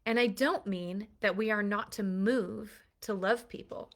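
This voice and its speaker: A woman's voice: mid-range voice, fairly even intonation, unhurried. A woman parenting coach giving an earnest, emphatic recorded lesson built on analogies.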